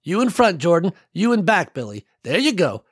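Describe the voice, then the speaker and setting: A man voicing a brisk, motherly woman who directs the children with firm, affectionate orders. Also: high-pitched, big pitch swings, husky, voice pushed up, full character voice.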